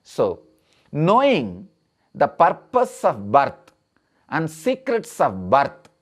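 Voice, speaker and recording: A man giving a sermon as a spiritual teacher, slow and emphatic, repeating his key phrases. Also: on the high side, wildly swooping pitch.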